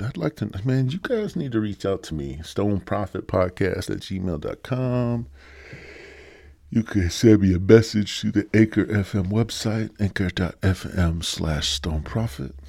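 Brief: deep-voiced male podcast host, husky, loose and profane, riffing solo. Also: a little mellow. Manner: rambling, profane, joking. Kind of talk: casual solo podcast monologue.

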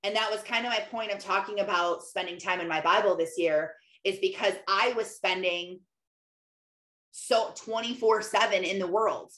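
A woman's voice: medium pitch, normal speed, a bit bright, roomy sound, poor audio. A young woman talking casually about her faith, chatty, with many "like"s. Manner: chatty, lots of "like", laughs often. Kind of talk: casual faith vlog monologue.

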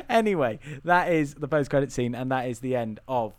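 A man's voice: mid-range voice, expressive, brisk, hardly any pauses, no echo. A British man co-hosting a casual film review podcast, laughing often and putting on voices for quotes. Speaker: podcast co-host.

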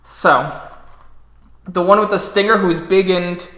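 A man acting as storyteller for a tabletop role-playing game, calling out dice rolls with relaxed "uh" pauses. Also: sits high, roomy sound.

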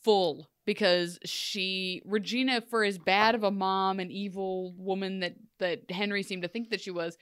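A woman's voice: medium pitch, steady tone, a little slow, hardly any pauses, a bit bright, clean tone, no echo, studio quality. A woman co-hosting a casual TV recap podcast, enthusiastic and opinionated, often laughing. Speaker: podcast co-host.

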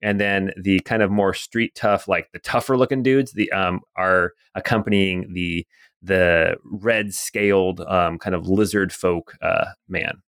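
A man narrating a tabletop game as game master, relaxed, with many fillers. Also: low-pitched, measured pace, smooth, dry recording, clean studio sound.

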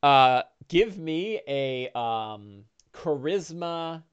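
A middle-aged man narrating a one-on-one tabletop game as dungeon master, with a relaxed, rambling manner full of fillers and restarts. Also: fairly high pitch, drawn-out words, clean tone, dry recording, muffled recording.

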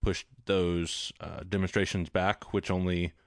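A man with a Texan accent hosting a casual interview, relaxed and hesitant, with many fillers. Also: low-pitched, measured pace, gravelly, dry recording, studio quality. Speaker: podcast host interviewer.

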